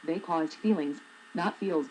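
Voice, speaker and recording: A woman's voice: low-pitched, unhurried, a little hiss or hum, poor audio. A woman in her forties, a blogger reading her own humorous essay aloud with a wry, sarcastic manner. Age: 40s.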